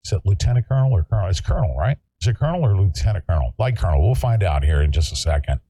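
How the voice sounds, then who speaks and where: A man's voice: sits low, big pitch swings, racing, mellow, husky, dry recording. A man hosting a political talk show, speaking emphatically and repeating himself to rally his listeners.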